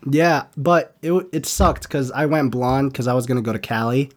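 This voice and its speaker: A woman's voice: a bass voice, normal speed, background noise. A woman speaking as a podcast guest in casual chat, laid-back and swearing now and then.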